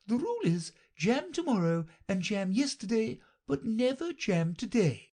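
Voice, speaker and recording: A woman reading an audiobook, voicing a flustered, untidy, melancholy queen in a high, plaintive voice. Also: big pitch swings, unhurried, warm tone, full character voice.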